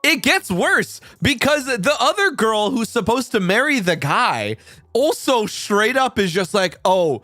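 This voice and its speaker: A man's voice: very high voice, very animated, unhurried, bright, forceful tone, dry recording. A young man streaming casual chat, rambling and swearing a lot, laughing often.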